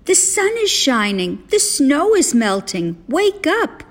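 An eager little storybook frog, calling his friend in a high, lively voice that leaps up and down, as a woman reading aloud puts him on. He talks slowly and with excitement, urging and coaxing. The storybook reading is gentle and unhurried. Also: husky, heavily acted. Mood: urgent calling.

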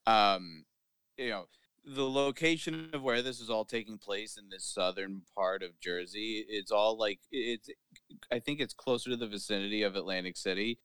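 Deep smooth rambling young man. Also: moderate pace, fairly bright tone, no echo. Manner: rambling, many fillers, riffs into silly bits. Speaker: podcast co-host. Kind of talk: casual joking chat.

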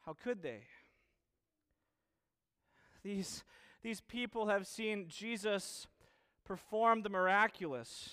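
A man preaching a sermon, earnest, asking the same questions again and again with pauses and restarts. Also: high-pitched, expressive, bright, forceful tone, smooth.

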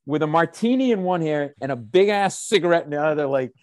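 Profane, animated storytelling man. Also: fairly high pitch, quick pace, no room sound, studio quality. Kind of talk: casual chat, comedic storytelling.

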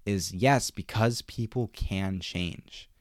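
A man giving a casual episode recap in an excitable, emphatic way, often repeating himself for stress. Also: on the low side, slow, no echo, clean studio sound.

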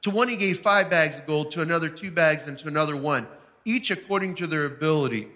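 High, bright-voiced man preaching in a hall. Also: quick pace. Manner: storytelling testimony, emphatic. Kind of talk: sermon. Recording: long hall reverb.

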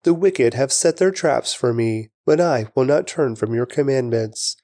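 A man giving a steady, reverent scripture reading. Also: medium pitch, a little slow, no room sound, clean studio sound. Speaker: scripture reader.

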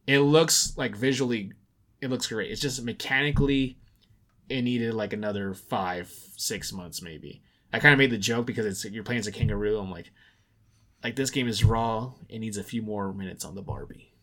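A man's voice: medium pitch, moderate pace. Rambling casual man, filler-heavy gaming talk. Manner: announcer-style loud intros for segments. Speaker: podcast co-host. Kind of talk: casual gaming podcast chat.

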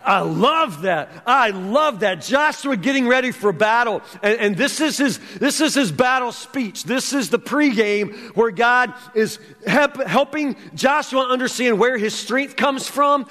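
A man's voice: extremely high pitch, a little slow, hardly any pauses, bright, forceful tone, long reverb tail. A man preaching a sermon as pastor, conversational with wry humor.

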